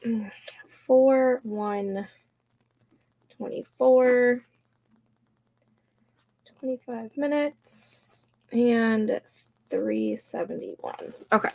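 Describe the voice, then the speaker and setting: A woman with a fairly high voice hosts a casual live stream of writing sprints. She takes her time, speaking at a slow, relaxed pace as she reads out viewer comments and cheers them on. Her voice sounds slightly stuffy from allergies. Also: gravelly. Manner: unhurried, reads viewer comments aloud and reacts warmly. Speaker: livestream host running writing sprints.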